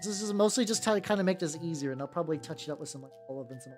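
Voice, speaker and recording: Gentle low-voiced woman chatting on stream. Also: animated, racing. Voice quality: gentle, relaxing voice. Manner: rambling, with frequent restarts and swearing. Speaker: streamer painting miniatures. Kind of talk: casual chat. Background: faint background music.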